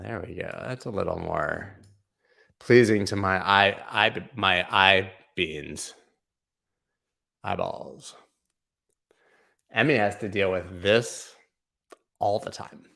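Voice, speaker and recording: A man's voice: sits low, creaky, bright, forceful tone. A man hosting a casual live stream of crypto chart analysis, making joking asides to his chat. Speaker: livestream host doing crypto chart analysis.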